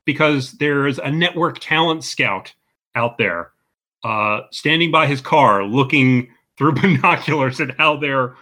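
Bright-voiced playful man recapping a movie. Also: unhurried. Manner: playful, jokey, acts out quotes in high voices. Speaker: podcast co-host. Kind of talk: casual movie recap chat.

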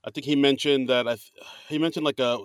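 A man's voice: medium pitch, fairly even intonation, quick pace, clean tone, dry recording, clean studio sound. A man co-hosting a podcast in casual chat, rambling and playful. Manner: rambling, many fillers and restarts, playful. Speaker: podcast co-host.

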